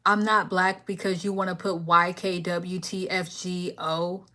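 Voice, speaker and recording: On her late-night stream, a young woman rants back at a commenter, sassy and combative, in a pushed, bright voice that stays flat and slightly slow. She intersperses the outbursts with low, half-whispered readings of chat messages.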